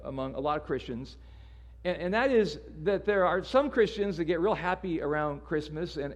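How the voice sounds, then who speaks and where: A man preaching a sermon in a casual, conversational way, often repeating words as he restarts. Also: on the high side. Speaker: pastor.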